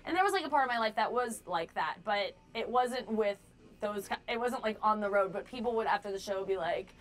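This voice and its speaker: A woman's voice: medium pitch, animated, brisk. A young woman, a stand-up comedian, chatting candidly in an interview and acting out quotes with animation. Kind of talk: casual interview chat. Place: bar.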